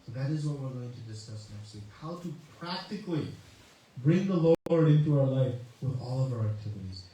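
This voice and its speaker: A man's voice: medium pitch, animated, a little fast, dark tone. A man, a spiritual teacher, giving a conversational sermon with a story. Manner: conversational, uses many "you know" asides. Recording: echoey hall, mic far off, faint ambience.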